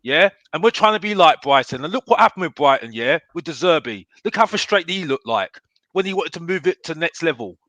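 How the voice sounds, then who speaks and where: Brief: outspoken male football pundit, higher bright voice, dry close sound, keeps checking "yeah?". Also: expressive, brisk, no room sound. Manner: emphatic, keeps asking "yeah?"; blunt and fired up. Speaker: football fan pundit guest. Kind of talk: casual debate chat.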